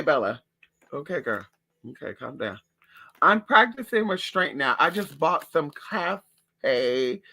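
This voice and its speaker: Sassy, bright-voiced man gossiping. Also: a little high. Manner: sassy, profane, animated. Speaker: vlogger. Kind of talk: casual gossip monologue. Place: home.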